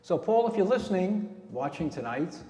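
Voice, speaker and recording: A man's voice: high voice, very animated, moderate pace, warm tone. A man leading a radio club meeting, telling a rambling casual story to the members. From New Jersey. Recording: echoey hall with long reverb.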